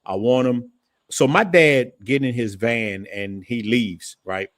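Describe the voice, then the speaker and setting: A New Orleans channel host shares stories in a relaxed chat, speaking slowly in a clear voice on a dry recording with no room sound. He grows animated, and his pitch jumps up whenever he quotes his father.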